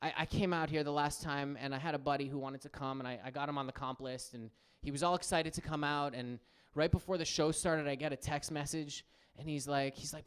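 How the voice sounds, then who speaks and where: A man in his thirties doing a stand-up comedy set on a club stage, telling animated stories and acting out the people in them. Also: fairly quick, smooth. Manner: animated storytelling, acts out quotes in higher voices.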